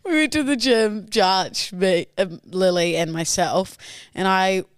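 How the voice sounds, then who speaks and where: A woman's voice: medium pitch, slow pace, clear, resonant tone, no room sound, studio quality. A woman co-hosting a podcast, playful and swearing, laughing often during banter. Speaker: podcast co-host. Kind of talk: casual banter.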